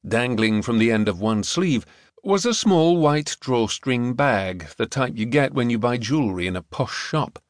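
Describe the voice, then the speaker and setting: An audiobook narrator reads a novel in a measured, expressive way. His voice sits in the mid-range, and the recording is dry and studio-clean.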